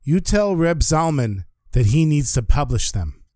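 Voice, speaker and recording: Storyteller man putting on a humble old janitor, hidden saint, awed, earnest, voice lifting high, dry close sound. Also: sing-song, a little slow, warm tone, no echo.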